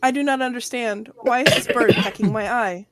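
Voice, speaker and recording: A huge, gentle construct with jewel eyes played by a woman, speaking formally and plainly in a slightly raised voice. He sounds puzzled but polite in a tabletop fantasy game. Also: on the high side, fairly quick, a crowd in the background, voice pushed up, close to an everyday voice.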